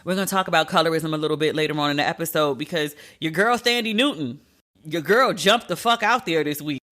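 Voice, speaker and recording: A woman hosting a podcast, giving blunt, profane, animated commentary in a casual tone. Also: low-pitched, fast talker. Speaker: podcast host.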